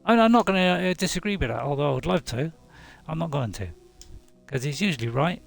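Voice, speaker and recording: A man's voice: fairly high pitch, expressive, fast talker, creaky. A middle-aged man, casually commentating on gameplay in a rambling, chatty way with chuckling asides. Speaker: gaming channel host.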